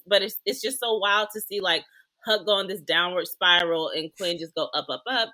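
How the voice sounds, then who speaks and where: Bright mid-pitched woman from Georgia co-hosting a chatty podcast. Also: normal speed, poor audio. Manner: storytelling, quoting characters in voices. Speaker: podcast co-host. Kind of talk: casual chat.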